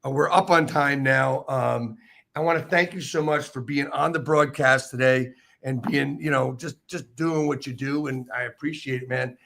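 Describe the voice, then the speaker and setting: A man's voice: medium pitch, fairly even intonation, moderate pace, gravelly, noisy background. A man hosting an interview show, talking in an enthusiastic, rambling way with many restarts. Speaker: podcast host. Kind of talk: casual interview chat.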